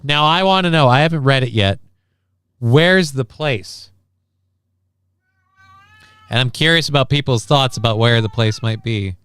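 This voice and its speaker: A man's voice: medium pitch, unhurried, pauses often, fairly bright tone, clear, resonant tone, no room sound. A man hosting a casual livestream, reading chat and news aloud in an offhand, profane way. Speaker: livestream host.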